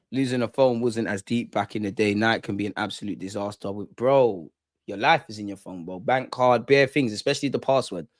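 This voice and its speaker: A man's voice: fairly low pitch, normal speed, no echo, clean studio sound. A young man with a London accent, casually chatting on a livestream, slangy and laughing as he reads viewer comments. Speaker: livestream host. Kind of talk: casual live chat reading viewer comments.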